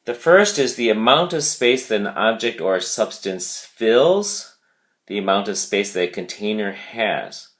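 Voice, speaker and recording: Slow, low-voiced male teacher. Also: lively intonation, a bit bright. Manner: slow, deliberate, repeats key words. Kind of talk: vocabulary lesson video.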